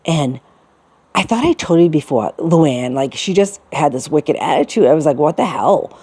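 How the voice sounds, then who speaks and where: A woman's voice: sits low, expressive, moderate pace, warm tone, husky. A middle-aged woman telling a personal story in a casual, rambling way, full of restarts and fillers. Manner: rambling, many restarts and fillers, quotes people in put-on voices.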